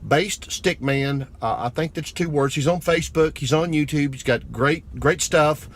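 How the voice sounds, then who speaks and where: A man giving a blunt, crude political rant to camera that builds to shouting anger. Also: a little high, moderate pace. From United States. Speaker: vlogger.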